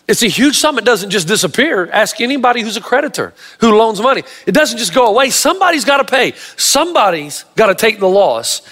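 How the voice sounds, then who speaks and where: A man preaching in a large church hall, his fairly high, bright voice carrying a long reverberant tail. He tells the story in an animated, emphatic way with casual humor. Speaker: pastor. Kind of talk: sermon.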